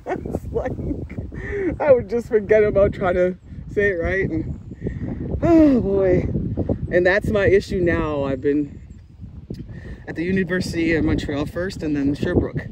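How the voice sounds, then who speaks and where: A middle-aged woman chatting casually in a walking vlog, rambling excitedly as she films on her phone outdoors in the countryside. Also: fairly low pitch, moderate pace, pauses often. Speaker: vlogger. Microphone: phone camera held while walking. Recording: loud outdoor background noise. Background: loud outdoor noise.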